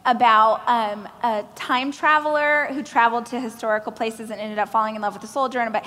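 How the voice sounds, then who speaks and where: A woman from Oklahoma giving a keynote speech on a large stage, telling stories with animated, self-deprecating humor. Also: on the high side, brisk. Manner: animated storytelling, acting out other people's lines. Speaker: motivational speaker. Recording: reverberant hall from a stage.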